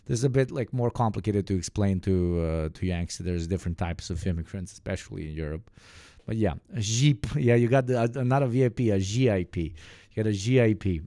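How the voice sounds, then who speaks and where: A low-voiced man chats on a live stream in a casual, joking and profane way. His voice is dry and close on a desk microphone. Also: a little fast, dark tone, dry recording. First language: Serbo-Croatian. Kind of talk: live stream reaction chat.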